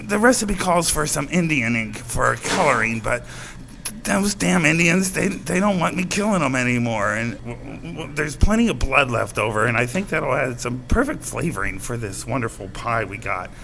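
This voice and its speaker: Gruesome folksy TV preacher-cook, a man putting him on; heavy fry, bright edge, stumbling patter. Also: medium pitch, lively intonation, normal speed, voice pushed down, rough recording. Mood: gleeful. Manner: rambling, stumbling cooking-show patter.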